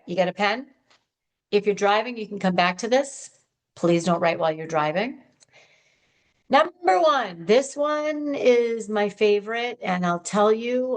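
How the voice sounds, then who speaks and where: A woman hosting an advice podcast, talking in a chatty, animated way straight to her listeners. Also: medium pitch. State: hopped up on sugar. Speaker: podcast host. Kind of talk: upbeat advice podcast monologue.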